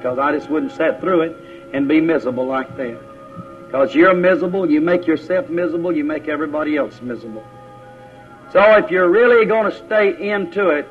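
Folksy preacher, muffled recording. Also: male voice. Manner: folksy, plain-spoken, rises in pitch when exhorting. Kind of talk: sermon. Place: church. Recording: lo-fi muffled old church recording.

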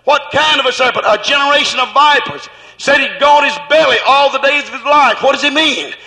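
Man, preacher, sermon, fervent, rhythmic, shouting peaks, piercing tone, reverberant hall. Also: extremely high pitch, a little fast.

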